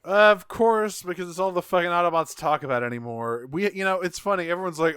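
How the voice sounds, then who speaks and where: A man's voice: fairly high pitch, very animated, a little fast, hardly any pauses, fairly bright tone, clear, resonant tone, no echo, studio quality. A man co-hosting a podcast, chatting casually with sarcastic, sweary ranting. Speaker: podcast co-host.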